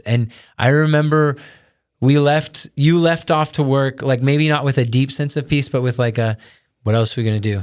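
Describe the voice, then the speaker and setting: A man's voice: on the high side, normal speed, smooth. A man co-hosting a casual chat, earnestly retelling a family story and quoting his own thoughts. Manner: earnest, retelling with quoted self-talk. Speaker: podcast co-host.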